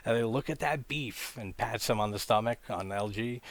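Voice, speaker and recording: A man's voice: medium pitch, moderate pace, no echo. A man hosting a casual film discussion, talking with enthusiasm, laughing often and swearing casually. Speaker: horror film reviewer.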